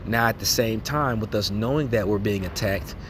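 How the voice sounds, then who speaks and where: Man preaching informally, lowish voice, slangy, faint background noise. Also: normal speed. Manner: casual slangy preaching, repeating "man" and "okay?"; laughs and acts out reactions. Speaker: lay preacher. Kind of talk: informal religious exhortation.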